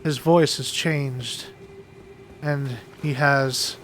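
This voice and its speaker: A man's voice: medium pitch, fairly even intonation, very slow, fairly bright tone, slight background noise. A man hosting a gaming channel, chatting casually and laughing often as he rambles through a story. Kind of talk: casual chat while gaming.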